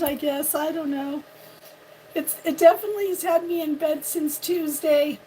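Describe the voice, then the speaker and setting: A woman hosting a casual morning live stream, hoarse and losing her voice from a cold, chatting and laughing at how she sounds while greeting viewers by name. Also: high voice, steady tone, normal speed, dark tone, slight background noise. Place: home on a windy ridge.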